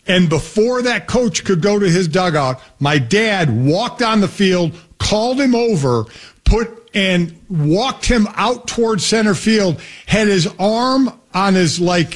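A middle-aged father tells family stories on a radio sports show. His voice sits high for a man. He rambles, corrects himself mid-sentence and chuckles along the way. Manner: rambling, self-correcting, laughing storyteller. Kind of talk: casual storytelling chat.

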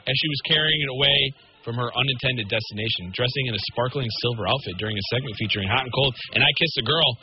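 A man reading quirky news items on a radio show, brisk with small stumbles. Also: mid-range voice, highs cut off, soft background music.

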